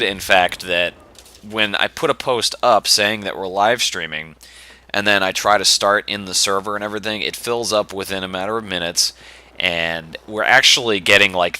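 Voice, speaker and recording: A young man hosting a podcast, telling a rambling, exasperated story in a casual way. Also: lowish voice. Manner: rambling, exasperated, animated retelling. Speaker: podcast host.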